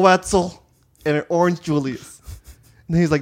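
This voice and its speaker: A young man co-hosting a casual chat, joking, laughing a lot and spinning an absurd improvised story with loud exaggerated voices. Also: on the high side, brisk. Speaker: podcast co-host.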